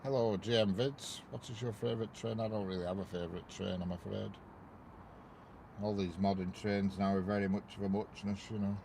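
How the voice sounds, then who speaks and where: Deep gravelly man chatting to his stream. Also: fairly even intonation, a little fast, darkish tone, slight background noise. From north of England. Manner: chatty, rambling, greets viewers by name. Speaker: railway livestreamer. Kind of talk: casual live-stream chat. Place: parked car near a railway bridge. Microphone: wireless clip-on mic inside car.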